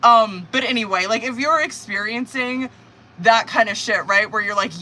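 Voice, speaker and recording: Bright-voiced woman giving a casual tarot reading. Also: a little high, moderate pace. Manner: casual, swearing, animated, acts out the querent's thoughts. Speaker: tarot reader. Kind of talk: live tarot reading stream.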